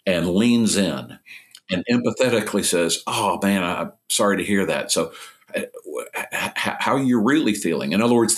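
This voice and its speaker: A man speaking as a podcast guest, earnestly explaining ideas through stories. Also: low voice. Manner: earnest, illustrative storytelling. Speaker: podcast guest, recovery ministry founder. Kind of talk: conversational interview.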